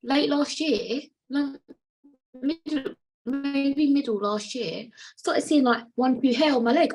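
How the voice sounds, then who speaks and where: A woman in her late twenties hosts a solo podcast, her voice high, slow and darkish in tone on a rough recording. She chats candidly and rambles casually, swearing freely.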